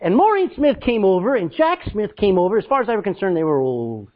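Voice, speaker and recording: A man preaching a sermon, telling stories loudly and acting out what people said. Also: high-pitched, fast, muffled recording. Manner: loud, animated preaching with acted-out quotes. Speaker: pastor. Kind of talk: storytelling sermon.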